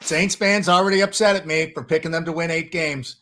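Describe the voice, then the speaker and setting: A man's voice: a little high, fairly quick, bright, forceful tone. A man hosting a podcast in casual chat, telling stories animatedly and acting out quotes in raised voices. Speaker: podcast host.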